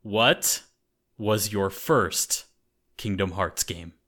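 A man from an English-speaking country hosts a casual podcast, rambling with frequent fillers and restarts. He has a lowish, bright, forceful voice and draws out his words.

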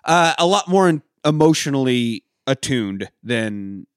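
A man co-hosting a casual film podcast, chatting loosely with plenty of swearing and easy laughs. His voice sits at an ordinary pitch and is recorded dry and close. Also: animated, measured pace, clean tone, dry recording. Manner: loose and profane, laughs often. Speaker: podcast co-host. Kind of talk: casual movie-review chat.

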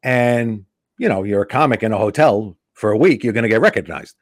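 A man's voice: fairly low pitch, brisk, dry recording, clean studio sound. A man, a stand-up comedian, telling road stories in a casual chat and acting out the people he met. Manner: animated anecdotes, acting out quoted women.

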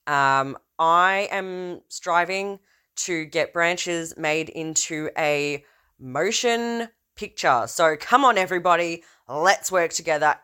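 A woman hosting a podcast, talking in a casual, rambling way. She is a trained opera singer with a low voice, stops and restarts her sentences often, and swings her emphasis theatrically. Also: a bit bright, smooth. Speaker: podcast host.

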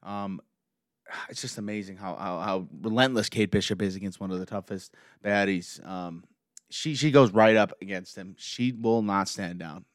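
A man excitedly recapping a show episode scene by scene, gushing like a fan. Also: fairly low pitch, normal speed, dry recording, studio quality.

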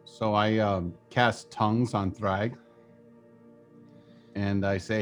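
A man playing a tabletop game, describing what his character does in a halting way full of fillers. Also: on the low side, fairly even intonation, faint music behind. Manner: halting, filler-heavy phrasing. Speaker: player. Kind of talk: tabletop role-play.

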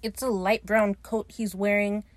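Casual podcast host, woman, dry mic, animated retelling. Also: medium pitch, measured pace, no echo. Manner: animated, acts out characters' lines while retelling. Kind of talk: casual episode recap.

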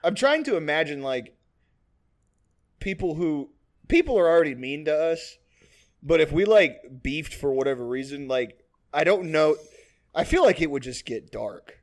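A man co-hosting a casual comedy podcast, talking loudly and rambling with lots of fillers and restarts. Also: fairly high pitch, lively intonation, moderate pace, long pauses. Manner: loud, rambling with many likes and restarts. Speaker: podcast co-host.

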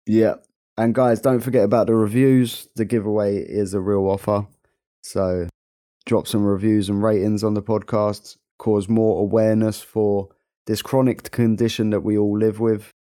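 A man's voice: on the low side, little pitch movement, moderate pace, warm tone, no echo, clean studio sound. A young man with a London accent, co-hosting a podcast in easygoing, jokey chat. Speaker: podcast co-host. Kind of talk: casual chat.

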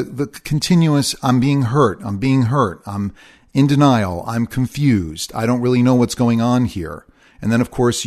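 A middle-aged man hosting a solo podcast, talking in an earnest, confessional way and repeating his phrases. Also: medium pitch. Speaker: podcast host.

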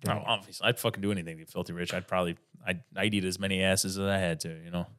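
A man with a fairly low voice talks as a podcast guest. He rambles in loose, casual chat, restarting sentences and swearing as he goes. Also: level tone, very fast, fairly bright tone.

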